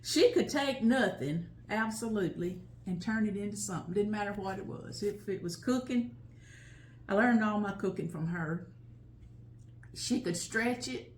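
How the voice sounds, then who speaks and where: In an echoey room at home, with a little background noise, an older woman tells stories from her past for her vlog. Her mid-range voice is darkish and moderately paced, and she gets emotional and heartfelt, laughing often as she goes.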